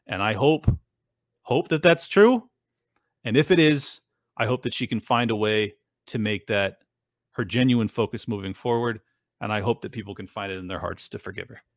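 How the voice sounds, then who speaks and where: A man's voice: on the low side, moderate pace, no echo, studio quality. A man hosting his own show, talking earnestly and emotionally to his viewers in a rambling way, with many fillers. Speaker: show host. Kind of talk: casual monologue to viewers.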